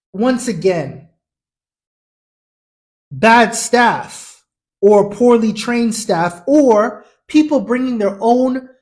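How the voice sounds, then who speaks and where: A man hosting a podcast, giving a personal commentary monologue. He tells his story earnestly and indignantly, often restarting and repeating words. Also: high voice. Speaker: podcast host.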